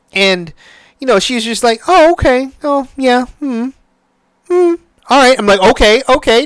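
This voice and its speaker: A man's voice: fairly high pitch, fairly bright tone, clear, resonant tone, no echo. A man hosting a podcast, chatting casually and emotionally, swearing and restarting his sentences often. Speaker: podcast host. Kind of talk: casual solo chat.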